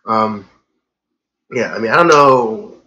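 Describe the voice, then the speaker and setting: A man's voice: on the low side, slow pace, pushed and bright, low-quality recording. Rambling man ranting on a live stream. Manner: rambling, heavy on "you know" fillers; gets worked up and ranting. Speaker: podcast host. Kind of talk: casual live-stream monologue.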